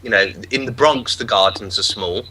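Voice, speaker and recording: A man's voice: on the low side, normal speed, noisy background. A man bantering on a panel, teasing and joking.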